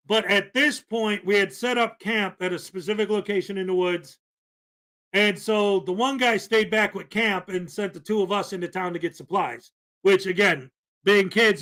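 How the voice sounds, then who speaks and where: A man's voice: high-pitched, a bit bright. A man telling a rambling story in casual podcast chat, full of fillers and asides.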